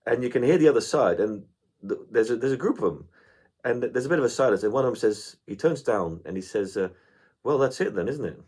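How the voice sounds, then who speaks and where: A man's voice: mid-range voice, lively intonation, quick pace, darkish tone, slightly rough. A man co-hosting a podcast in casual chat, telling stories and swearing freely. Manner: chatty storyteller, swears freely. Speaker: podcast co-host.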